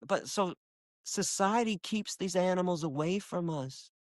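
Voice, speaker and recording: A man's voice: expressive, unhurried, no echo. Emphatic, impassioned man, dry sound. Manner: emphatic, acts out quoted dialogue with sharp jumps in pitch. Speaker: animal rights activist, interview guest. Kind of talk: impassioned conversational storytelling. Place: lives in Michigan.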